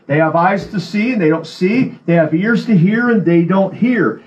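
A man's voice: sits high, normal speed, highs cut off. A man preaching a sermon from a church podium, earnest and repeating key phrases for emphasis. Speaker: pastor.

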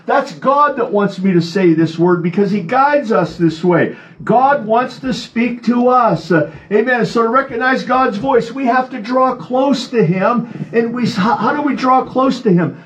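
A pastor preaching a sermon in a conversational way, often adding "amen". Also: male voice, high-pitched, dull audio.

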